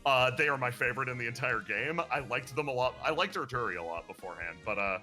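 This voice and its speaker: A man's voice: mid-range voice, fast talker, faint music behind. A man chatting casually as a streamer, animatedly retelling a game's story and laughing now and then. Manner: animated, laughs and breaks into playful character voices. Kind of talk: casual chat recapping a game story.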